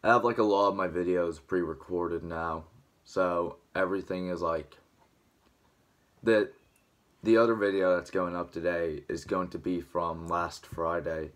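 A man's voice: deep voice, fairly even intonation, unhurried. A young man with a dry throat, rambling casually to camera at home early in the morning, still waking up. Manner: rambling, filler-heavy, just waking up. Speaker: vlogger.

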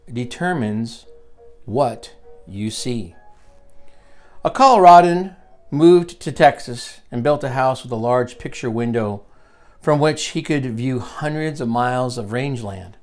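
A man's voice: medium pitch, expressive, takes it slowly, long pauses, darkish tone, faint music behind. A man hosting a virtual leadership seminar, reading from a book and adding his own comments. He stresses and repeats key lines and puts questions to the listener. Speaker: seminar host and teacher.

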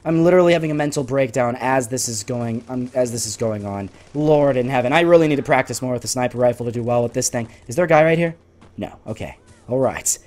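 A man with a slightly high voice narrates his gameplay as it happens. He is excitable, bursting into frustrated yelps and then dropping into low muttering. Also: moderate pace. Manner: excitable, swings between frustrated outbursts and muttering. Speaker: gaming YouTuber. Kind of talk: live gameplay commentary.

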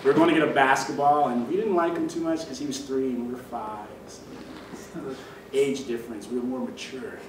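A man telling a funny childhood story in an animated, laughing way. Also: mid-range voice, a little fast. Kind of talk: casual personal anecdote. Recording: echoey room from a distance, noise.

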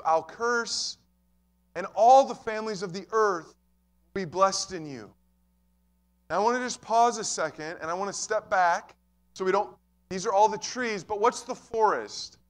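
A man's voice: high-pitched, fairly bright tone. A man pastor preaching a sermon, emphatic and repeating key phrases, addressing listeners as friends.

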